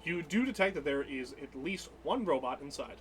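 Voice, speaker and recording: A man narrating as game master of a tabletop role-playing game, a lively storyteller who laughs often. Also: on the high side, normal speed, a little hiss or hum.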